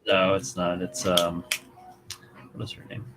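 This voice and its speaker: A man's voice: sits low, little pitch movement, unhurried, heavy background noise. A man hosting a model-building livestream, chatting dryly and sarcastically and muttering to himself as he works. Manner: dry, sarcastic, mutters while working. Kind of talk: casual chat.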